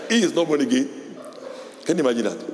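A middle-aged man preaching a sermon as pastor, animated, laughing often and shouting in a high voice when quoting parents. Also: fast, a little hiss or hum. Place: church hall. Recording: echoey hall with long reverb.

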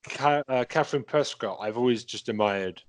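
A man's voice: medium pitch, normal speed, dry recording. A man chatting casually as a podcast co-host, rambling with many fillers and swearing freely. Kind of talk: casual chat.

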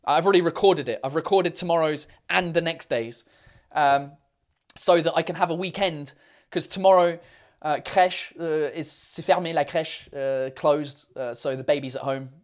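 A man's voice: fairly high pitch, normal speed. A man hosting a casual live stream, rambling bluntly with lots of fillers and the odd swear while answering viewer questions.

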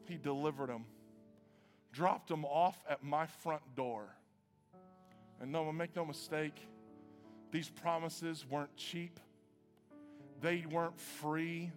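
A man with a high, bright voice preaching to a church congregation, animated and joking at his own expense, dropping to quiet asides and rising to loud bursts. His voice rings with a long hall reverb, and soft instrumental music plays faintly behind. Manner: animated and self-mocking, swings from quiet asides to loud shouts. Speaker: pastor. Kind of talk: sermon.

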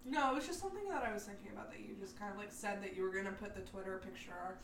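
A woman's voice: medium pitch, rapid-fire. A young woman co-hosting a podcast in casual chat, teasing her co-host, giggling often and swearing casually. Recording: echoey room, mic somewhat distant, faint noise.

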